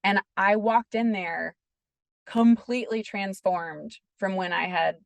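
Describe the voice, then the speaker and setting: A woman's voice: medium pitch, takes it slowly, creaky, no echo. A woman being interviewed on a podcast, telling a personal story in an earnest, casual way and leaning on "like" a lot. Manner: earnest, peppers speech with "like". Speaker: podcast guest.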